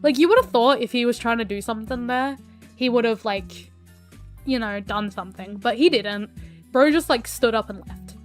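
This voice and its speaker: A woman's voice: a little high, normal speed, faint music behind. A woman streamer telling a story casually while she draws, rambling with lots of fillers and swearing.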